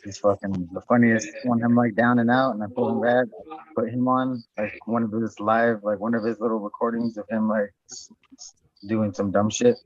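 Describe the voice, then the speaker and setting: Casual guy, husky and low, rambles and curses; dry, muffled home recording. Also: flat delivery, moderate pace, no room sound. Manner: rambling, heavy swearing, lots of fillers. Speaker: podcast host. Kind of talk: casual chat.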